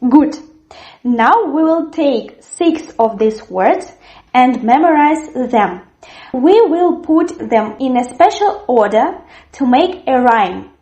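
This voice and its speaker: A woman teaching a language lesson, articulating words clearly and repeating them for learners. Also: high-pitched, a little mellow, echoey room. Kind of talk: slow, careful language lesson.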